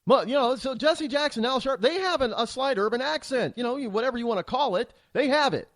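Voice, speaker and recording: Male talk host, fired-up opinion monologue, high animated voice, dry close sound. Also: brisk, dry recording. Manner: heated, opinionated, rambling with frequent restarts. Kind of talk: political commentary monologue.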